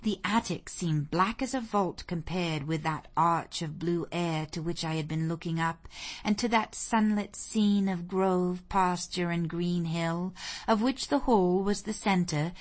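Female audiobook narrator, slightly low voice, measured and expressive in a classic novel.

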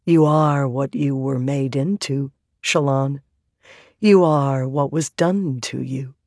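A woman voicing a soft-spoken, smoke-headed female spirit who speaks in a calm, insistent, coaxing way. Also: a bass voice, slow, dry recording, clean studio sound, full character voice. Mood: quietly insistent. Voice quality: soft, quiet.

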